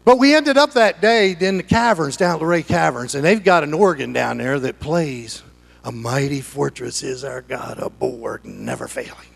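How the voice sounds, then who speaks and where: A middle-aged male pastor with a high voice preaches in his church sanctuary. He swings from hushed, conversational asides to loud, excited shouting as he urges the congregation on. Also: moderate pace, vocal fry. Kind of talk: sermon.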